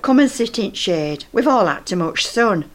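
A woman's voice: mid-range voice, animated, moderate pace. An older woman with a Northern English accent, telling a comic monologue in a chatty, gossipy and flustered way.

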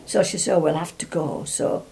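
Being interviewed, an older woman reminisces through a meandering, chatty anecdote, restarting her sentences repeatedly and laughing as she talks. Her fairly low, mellow voice has a gravelly, creaky edge, and she speaks at normal speed.

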